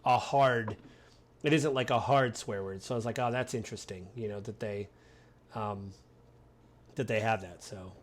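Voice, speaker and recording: A man's voice: lowish voice, a little slow, pauses often, slight background noise. Rambling American man chatting casually. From United States. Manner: rambling, acts out quotes in animated voices. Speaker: podcast host. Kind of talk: casual chat.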